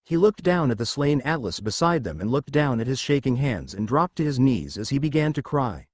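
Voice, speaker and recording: A man's voice: medium pitch, big pitch swings, fairly quick, no room sound. A man narrating a superhero fan-fiction story with dramatic storytelling. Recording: dry close recording.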